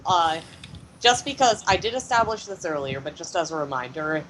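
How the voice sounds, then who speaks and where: A woman narrating as game master of a tabletop role-playing session, relaxed and unhurried. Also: low-pitched, a little hiss or hum, poor audio.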